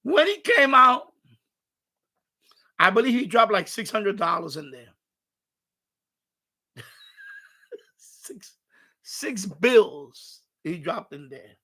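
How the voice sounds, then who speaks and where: Guy on a live stream telling a story, high voice, swears a lot and keeps laughing. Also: slow pace, long pauses. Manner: animated, swears often, laughs through the story. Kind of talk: casual storytelling chat.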